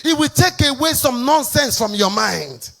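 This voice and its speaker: A Nigerian woman pastor preaching a fervent sermon, slipping into sing-song phrases and shouted emphasis. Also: sits high, big pitch swings, moderate pace, creaky.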